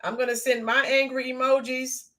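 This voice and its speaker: An American woman hosting a casual livestream, greeting viewers by name with lots of filler ums, her voice a bit hoarse from yelling the day before. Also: high voice, level tone, normal speed. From United States. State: voice slightly hoarse from screaming. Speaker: livestream host. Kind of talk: casual live-stream chat.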